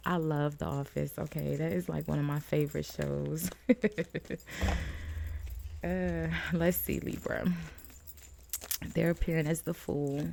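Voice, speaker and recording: A woman with a low, gravelly voice and a dark, mellow tone reads tarot cards in a loose, chatty way. She laughs often and talks to the viewer as "friend.". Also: fairly even intonation, slow pace, pauses often, slight background noise. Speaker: tarot reader. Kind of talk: casual tarot card reading to camera.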